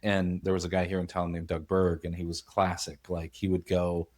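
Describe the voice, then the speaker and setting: A man's voice: deep voice, monotone, moderate pace, darkish tone, a little hiss or hum. A man co-hosting a casual business podcast, musing and telling stories, often correcting himself as he goes. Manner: musing, storytelling, self-correcting. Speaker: podcast co-host.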